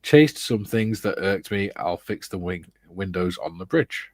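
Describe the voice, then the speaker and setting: A middle-aged man co-hosting a relaxed hobby livestream, reading viewers' comments and adding dry teasing remarks. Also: deep voice, a little slow, no room sound. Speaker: co-host of a model-building livestream. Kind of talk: casual chat reading out live comments.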